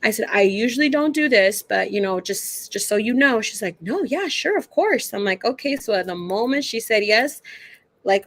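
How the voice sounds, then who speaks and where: A woman's voice: mid-range voice, dry recording. A woman who works as a psychic medium, telling stories as a guest in a casual, chatty way. She uses lots of fillers and acts out the dialogue in her stories. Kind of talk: casual storytelling.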